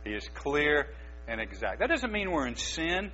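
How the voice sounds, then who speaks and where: A male pastor delivers an emphatic, exhorting sermon in a somewhat high, forceful voice. His tone is bright with a husky edge. The recording is dull and lo-fi, with a mains hum underneath. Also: sing-song, normal speed.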